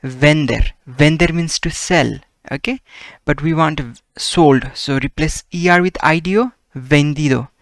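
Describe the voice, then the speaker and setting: Male tutor, pitched a little high, steady patient explainer, recorded dry and close. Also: a little slow, no room sound. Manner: patient, repeats "okay?" and "right?" checks. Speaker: Spanish teacher. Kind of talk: explaining grammar lesson.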